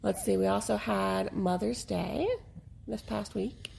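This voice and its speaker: A woman co-hosting a podcast in casual chat, hoarse and congested, talking frankly and laughing often. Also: mid-range voice, fairly even intonation, a little slow, a little mellow, slight background noise. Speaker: podcast co-host.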